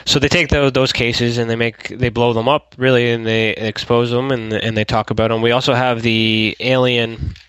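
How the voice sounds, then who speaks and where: A man from Canada speaking as a guest on a radio interview, halting with many ums and restarts. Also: medium pitch, flat delivery, a bit bright, smooth, no room sound, poor audio. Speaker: guest UFO investigator. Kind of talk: phone-in interview.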